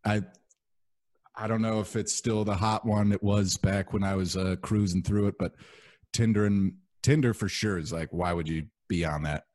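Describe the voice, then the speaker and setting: Brief: young male podcast host, deep voice, loose rambling chat, dry close mic. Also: moderate pace, dry recording. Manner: relaxed, rambling, full of fillers.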